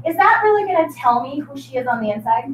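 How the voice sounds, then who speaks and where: A woman's voice: high voice, sing-song, fast talker, noisy background. A woman teacher leading a reading lesson, coaxing and prompting her students in an upbeat way. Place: classroom. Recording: echoey classroom from far off.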